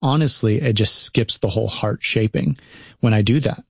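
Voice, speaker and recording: A man's voice: fairly low pitch, normal speed, husky, no echo, studio quality. Earnest man talking faith and fatherhood. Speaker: podcast co-host. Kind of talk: casual faith-based parenting talk.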